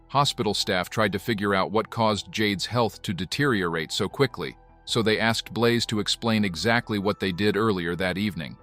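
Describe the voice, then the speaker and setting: A man narrates a documentary in a steady, measured tone. His voice sits a little low, and his delivery stays even and deliberate. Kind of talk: scripted narration.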